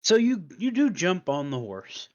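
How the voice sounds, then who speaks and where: A man's voice: high voice, wildly swooping pitch, a little slow, a little mellow. A man narrating as game master in a tabletop game, laughing and cursing casually. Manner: laughing, loose, profane narration. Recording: dull lo-fi audio.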